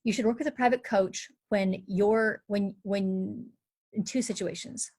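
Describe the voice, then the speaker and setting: A woman dialect coach speaks on a live online panel. She sets out her points in clear steps, with a lively, engaged delivery. Her voice sits at a middle pitch. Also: unhurried.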